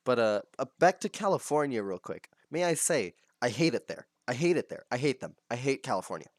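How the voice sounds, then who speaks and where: A man's voice: medium pitch, sing-song, normal speed, no echo, studio quality. A young man from Texas, co-hosting a casual podcast chat in a rambling, jokey, self-interrupting way. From Texas, USA. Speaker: podcast co-host.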